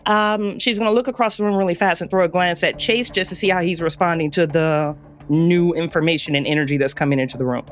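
A woman voices her character in a tabletop role-playing game, speaking casually and a little hesitantly. Her voice is lowish, with faint music under the talk. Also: quick pace. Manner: casual, hesitant, starts with fillers. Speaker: player.

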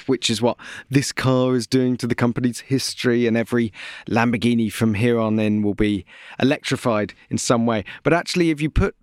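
A man's voice: medium pitch, clean tone, no echo, studio quality. A man hosting a podcast, chatting casually, laughing often, with many ums and restarts. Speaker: podcast host. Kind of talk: casual chat.

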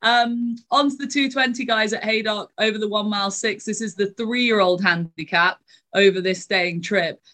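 A woman hosting live sports radio with a brisk, chatty delivery. Her voice is bright and crisp in tone at a medium pitch. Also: fairly even intonation. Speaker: radio show host.

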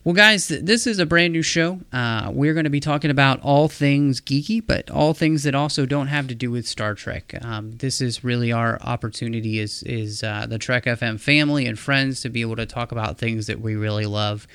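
A man's voice: medium pitch, normal speed, hardly any pauses, a bit bright, clean tone, no room sound. A man hosting a casual podcast, welcoming guests, with frequent fillers and restarts. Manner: friendly, hesitant with restarts and fillers. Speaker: podcast host.

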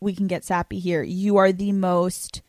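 A woman's voice: lowish voice, little pitch movement, darkish tone, dry recording. Brash, profane young-sounding woman host. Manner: brash, profane, quick and laughing. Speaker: podcast host. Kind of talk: casual chat.

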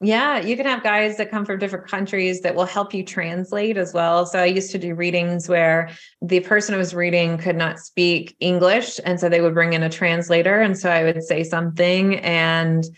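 A woman's voice: lowish voice, fairly even intonation, moderate pace, fairly bright tone. A woman guest explaining spiritual guides in a chatty, easygoing conversation. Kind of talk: casual chat.

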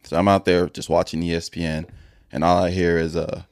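A man with a very low, deep voice tells a rambling story in casual chat, laughing often along the way. The sound is dry and close, with no room echo. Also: flat delivery, brisk, darkish tone. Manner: laughs often while telling stories. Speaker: podcast co-host.

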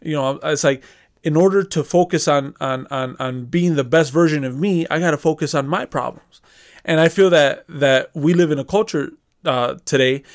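A man co-hosting a casual podcast discussion, retelling a conversation in a relaxed way with frequent fillers. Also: fairly high pitch, normal speed. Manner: relaxed storytelling with fillers, easy affirmations. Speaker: podcast co-host.

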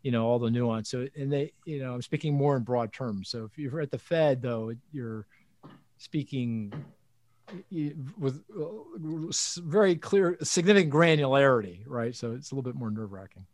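A man's voice: mid-range voice, normal speed. Man chatting as an interview host. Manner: animated storytelling, frequent restarts and laughs. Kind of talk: casual interview chat.

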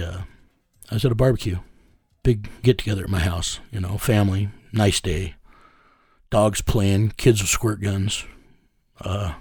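A man's voice: lowish voice, darkish tone, no room sound, studio quality. A man working as a child recovery investigator, telling a story in an interview in a blunt, profane way with many fillers.

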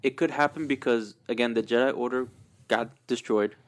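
A man's voice: medium pitch, normal speed. A man in casual chat with friends who explains things at length with many fillers and sometimes apologizes.

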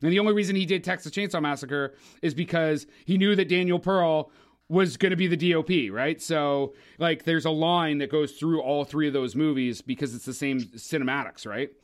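Fairly high-pitched man, chatty horror-film talk, quick to agree. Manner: talkative, trivia-sharing, quick agreements. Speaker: podcast co-host. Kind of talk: casual film discussion.

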